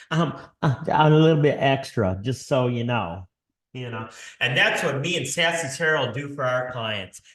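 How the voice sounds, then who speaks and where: A man co-hosting a podcast, rambling in goofy, self-mocking chat. His voice sits mid-pitch and carries a roomy echo. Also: expressive, a little slow, a bit bright. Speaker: podcast co-host. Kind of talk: casual chat.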